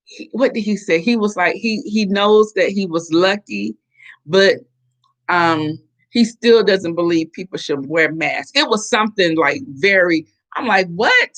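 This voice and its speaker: A middle-aged woman hosting a casual live chat, animated and chatty as she reacts to viewer comments. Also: on the low side, measured pace. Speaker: host.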